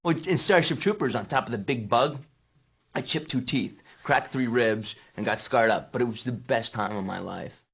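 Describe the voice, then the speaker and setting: A man in his thirties from New Jersey, an actor answering interview questions with lively anecdotes he acts out. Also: normal speed, vocal fry, slightly rough. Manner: animated storyteller acting out quotes with sudden high yelps.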